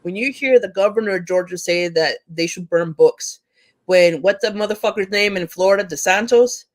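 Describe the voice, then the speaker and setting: A woman teacher appearing as a panel guest speaks at a medium pitch and normal speed. She's heated and impassioned, ranting with plenty of swearing, and she often stumbles and restarts her sentences.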